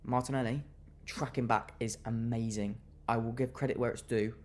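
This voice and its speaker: A young man delivers a furious fan reaction rant about his football team. He sounds fuming and keeps repeating himself as he vents, with his voice at a mid pitch. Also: steady tone, normal speed. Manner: fuming, repetitive, venting.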